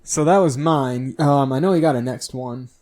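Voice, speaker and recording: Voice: medium pitch, moderate pace, darkish tone. A podcast co-host chatting casually, cracking jokes and swearing freely. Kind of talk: casual chat.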